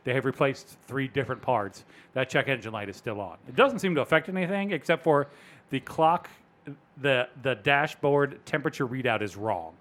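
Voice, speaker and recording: A man, probably in his thirties, hosting a casual podcast and telling a story with animated delivery, acting out other people's lines. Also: mid-range voice, moderate pace. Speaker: podcast host. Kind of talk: casual chat.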